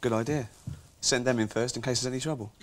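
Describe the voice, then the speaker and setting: An Englishman rambles through deadpan comedy chat in an offhand way and often laughs at his own jokes. His voice sits at a middling pitch, and the recording carries a clear layer of noise. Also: quick pace. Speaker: comic guest. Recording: noisy studio recording.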